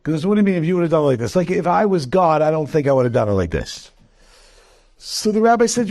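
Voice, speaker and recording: A man, a rabbi giving a Torah class, telling a story with lively jokes and acting out its characters. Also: fairly high pitch, quick pace. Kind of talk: animated storytelling lecture.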